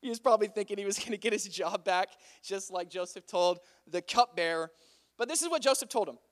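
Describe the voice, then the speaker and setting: A man's voice: high voice, brisk. A young man retelling a Bible story in a chatty, playful way, often saying "like".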